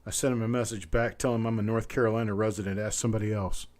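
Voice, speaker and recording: A man runs a live auction, chanting the same bid over and over in a mellow, relaxed voice. He drifts into easygoing, folksy chatter between calls, and it all sounds like it comes from his home. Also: fairly low pitch, racing. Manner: repetitive bid-calling chant mixed with folksy banter. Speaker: auctioneer host. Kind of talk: live online auction calling with chatty asides.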